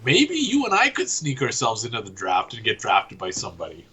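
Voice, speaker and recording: Joking man with a husky, bright voice. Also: fairly low pitch, brisk. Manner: joking, animated. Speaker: podcast co-host. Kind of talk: casual sports podcast chat.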